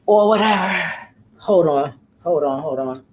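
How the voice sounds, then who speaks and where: A woman's voice: lowish voice, expressive, unhurried, low-quality recording. A woman who works as a home care worker, talking casually in a vlog. She tells her story in a profane, rambling way, often trailing off and starting over.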